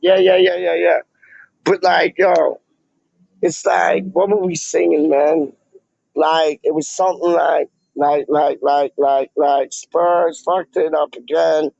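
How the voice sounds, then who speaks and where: Slow-talking gravelly man, lo-fi audio. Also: a little high, little pitch movement, darkish tone, no echo. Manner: rambling, slang-heavy, lots of "like" and "man". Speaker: fan vlogger reading live chat. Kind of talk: casual slangy livestream chat. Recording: dull lo-fi audio.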